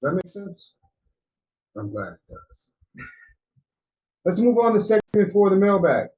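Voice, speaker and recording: A man co-hosting a podcast, giving relaxed, mentoring advice in a casual chat. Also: sits high, a little slow, muffled recording. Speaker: podcast co-host.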